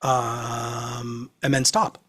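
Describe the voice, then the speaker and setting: A man's voice: medium pitch, little pitch movement, extremely slow, fairly bright tone. A man in casual podcast chat about songwriting, rambling with ums and restarts.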